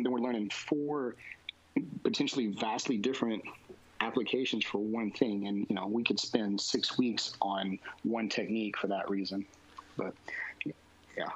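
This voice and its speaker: A man's voice: fairly low pitch, steady tone, moderate pace, slightly rough, lo-fi sound. A man, a jiu-jitsu instructor, answering interview questions casually and rambling with lots of fillers and restarts.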